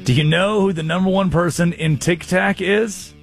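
A man hosting a casual comedic chat show, telling stories with lively voiced quotes. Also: high voice, moderate pace, faint music behind. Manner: animated storytelling, voices quotes. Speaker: show host.

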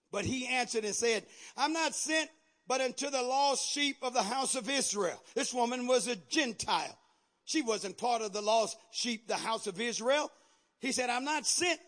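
Man, very high voice, pastor, call-and-response preaching, fervent. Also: pushed and bright. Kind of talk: sermon.

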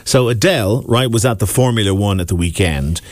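A man's voice: lowish voice, a little fast, no room sound. An Irish man hosting a radio breakfast show, chatting casually with his co-host and rambling through restarts. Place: radio studio.

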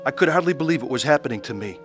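A man's voice: mid-range voice, lively intonation, rapid-fire, faint music behind. A man giving an earnest, scripted testimony about his faith, with acted scenes. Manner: earnest, pleading. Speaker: testimony narrator.

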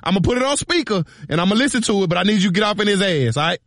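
A man on a radio show doing a prank call, posing as a police officer in a slow, mock-serious, teasing way. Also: high-pitched, lively intonation, a bit bright, no echo, studio quality. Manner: mock-serious, drawn-out, teasing with a slight drawl.

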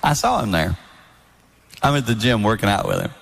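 A man in his sixties giving a sermon-style talk on marriage, animated and storytelling, acting out other people's lines. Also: lowish voice, a little fast, vocal fry, breathy edge. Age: 60s. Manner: animated storytelling with mimicked voices. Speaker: speaker at a marriage event. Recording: long hall reverb.

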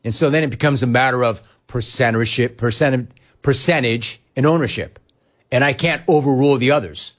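A man's voice: medium pitch, normal speed. A man hosting a sports talk show, telling stories emphatically and riffing on listener comments.

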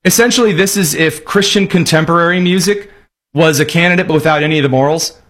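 A man's voice: a little high, fast, a bit bright. A man hosting a political commentary show, talking in a sarcastic, mocking and rambling way. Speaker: host.

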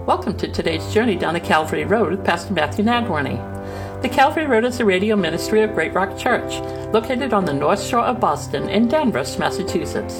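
A woman's voice: mid-range voice, expressive, a little fast. Lilting woman radio announcer. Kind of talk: scripted radio introduction. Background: guitar music.

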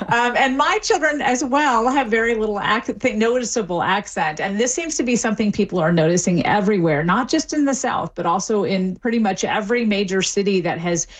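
A woman's voice: mid-range voice, fairly quick, hardly any pauses. A middle-aged woman, a linguistics professor, explaining fluently as a guest on a radio interview, with small restarts.

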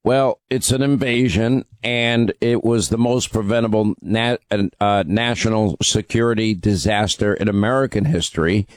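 A man's voice: fairly low pitch, moderate pace, hardly any pauses, no room sound. Emphatic male talk radio host, dry studio sound. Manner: emphatic, with frequent fillers.

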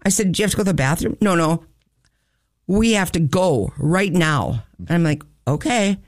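A man's voice: fairly high pitch, moderate pace, no echo, clean studio sound. A man in a casual chat, telling funny family stories and acting out the voices of the people in them. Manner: animated storytelling, acts out quoted voices, laughs often. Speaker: storyteller in a chat.

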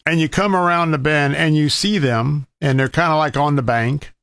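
A man's voice: a little high, fairly bright tone, no echo, studio quality. A man telling an outdoor story in a folksy, casual way and giving emphatic safety warnings with repeated words. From Florida.

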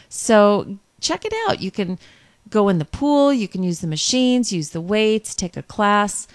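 A woman's voice: mid-range voice, no room sound. A woman radio host giving chatty, upbeat community announcements into a studio microphone.

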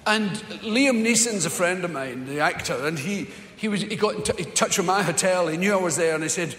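A man's voice: high-pitched, fairly quick, hardly any pauses, a bit bright. A Scottish man telling a rambling, sweary story in live stand-up, recorded in an echoey hall. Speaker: stand-up comedian.

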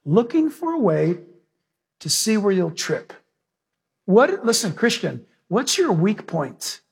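A male pastor preaching an animated sermon, telling stories and acting out voices. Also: high voice, husky. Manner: animated, storytelling, acts out voices.

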